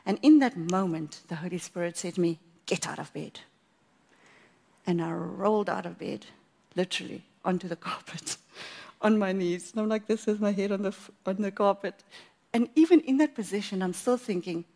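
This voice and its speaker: A woman giving a personal faith testimony at church, telling her story in a lively way and acting out what she thought at the time. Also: mid-range voice, fairly quick. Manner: animated storytelling, acts out her own past thoughts, laughs often.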